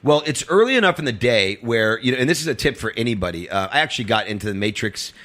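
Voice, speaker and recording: A man guesting on a talk show, telling a long rambling story, full of fillers and acting out quotes in a higher voice. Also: very animated, quick pace, fairly bright tone. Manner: rambling, filler-heavy, acts out quotes in a high voice. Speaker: comedian guest. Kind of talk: casual storytelling chat.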